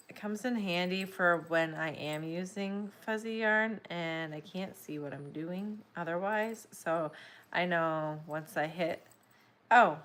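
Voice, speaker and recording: A woman's voice: fairly low pitch, a bit bright. A woman chatting casually on a livestream while she crochets, rambling and apologizing as she keeps yawning. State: yawning, sleepy.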